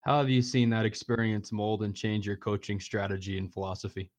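A man co-hosting a podcast asks his question in a slow, measured way. His low voice stays flat and even. The sound is dry, dull and lo-fi. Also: no echo. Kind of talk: casual podcast interview.

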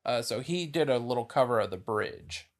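Man, podcast co-host, gravelly voice with an animated pitch and a rambling, laughing delivery. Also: moderate pace. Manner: chatty, laughing, trailing off with fillers. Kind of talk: casual chat.

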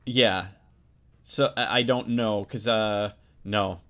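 A man co-hosting a casual podcast chat, talking in a hesitant, halting way. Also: fairly low pitch, steady tone, fairly bright tone. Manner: hesitant, halting, many restarts. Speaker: podcast co-host.

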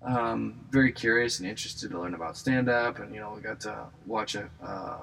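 A young man with a lowish, gravelly voice rambles through a casual monologue. He jokes at his own expense and trips over fillers and restarts. Faint ambience hums in the background. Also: normal speed, fairly bright tone, a little hiss or hum, poor audio. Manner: self-deprecating, jokey, lots of fillers and restarts. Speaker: aspiring comedian and actor.

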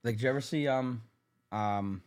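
A man with a Pittsburgh accent telling a story in an animated, casual way on a podcast, often acting out what people said. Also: medium pitch, moderate pace, clear, resonant tone. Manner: animated, swears when heated, acts out quotes. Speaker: MMA manager, podcast guest.

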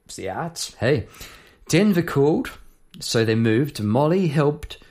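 In a slow, sing-song, mid-range voice with a darkish tone, a songwriter hosts an episode explaining his lyrics line by line. His manner is loose and rambling, full of asides, side stories, and check-ins like "eh?" and "yeah?".

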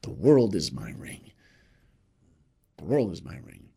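A man's voice: a little high, sing-song, moderate pace, darkish tone, a little hiss or hum, pitched above the performer's own voice. A man voicing a young male boxing champion who speaks in an earnest, declaring way. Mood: solemn.

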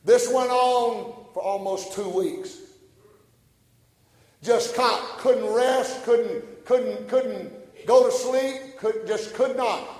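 High-voiced preacher in an echoing hall. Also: male voice, slow pace. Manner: builds to shouted passionate bursts, then drops quiet. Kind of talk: sermon.

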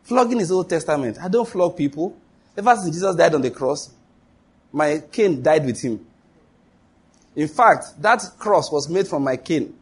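A man preaching a sermon as pastor, emphatic, asking rhetorical questions and leaping up in pitch for exclamations. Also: lively intonation, normal speed, slightly rough.

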